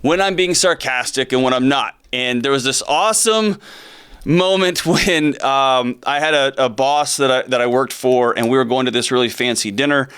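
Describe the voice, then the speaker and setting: A middle-aged man hosting a talk show from a studio, talking with animated energy and sarcastic, joking asides. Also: mid-range voice, normal speed, clean tone. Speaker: host. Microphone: close studio mic.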